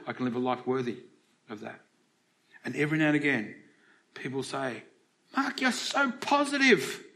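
Conversational Australian preacher, higher voice. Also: male voice, a bit bright. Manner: conversational, asks the congregation questions. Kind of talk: sermon. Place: church.

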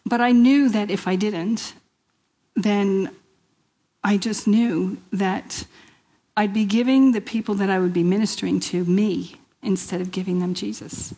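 A middle-aged woman from New York with a New York accent, giving a lively personal testimony at a women's church event and acting out the dialogue in her stories. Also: medium pitch, a little slow, rough recording. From Queens, New York. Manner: lively storyteller who acts out quoted dialogue and laughs often.

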